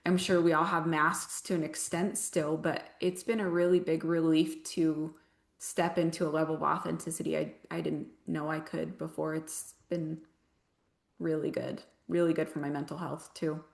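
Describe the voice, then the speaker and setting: Low-voiced woman telling a heartfelt story. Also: flat delivery, normal speed, gravelly. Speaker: podcast guest. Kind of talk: candid personal storytelling.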